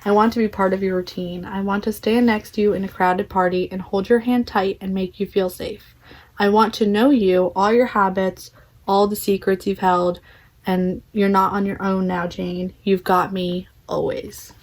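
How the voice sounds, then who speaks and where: An earnest young man pours out a heartfelt love confession in a storybook read-aloud. A woman voices him, dropping her voice a little lower and softer. The delivery is sincere and unhurried. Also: fairly even intonation, close to an everyday voice. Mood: tender.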